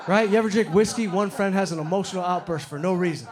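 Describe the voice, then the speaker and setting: A man's voice: high-pitched, fast, hardly any pauses. Brash forties man doing stand-up, crowd laughing. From Detroit, USA. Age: 40s. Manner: brash, profane storytelling, acting out characters. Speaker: stand-up comedian. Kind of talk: stand-up comedy set. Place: comedy club stage before a live audience. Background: audience laughter.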